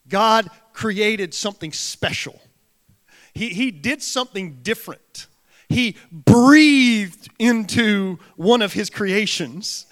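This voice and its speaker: High, bright-voiced preacher in a reverberant hall. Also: male voice. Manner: preaches with rhetorical questions and repeated phrases. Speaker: pastor. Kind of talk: sermon. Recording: long reverb of a large hall.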